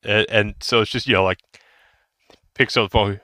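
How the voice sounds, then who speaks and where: A man's voice: lowish voice, steady tone, normal speed, pushed and bright, dry recording, studio quality. A man in his thirties co-hosting a podcast, rambling casually with restarts and laughs. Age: 30s. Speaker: podcast co-host. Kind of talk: casual chat.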